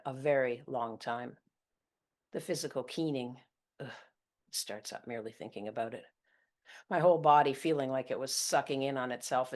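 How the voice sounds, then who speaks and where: A woman reading her own first-person story aloud. Her narration is intimate and confessional, blunt about what happened. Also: a bass voice.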